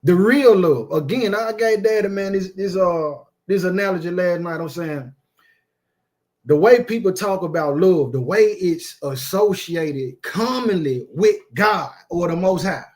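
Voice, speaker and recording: A man's voice: sits high, animated, a little slow, a little mellow. A man preaching an informal sermon, emphatic and repetitive, with streetwise phrasing and frequent asides of "man".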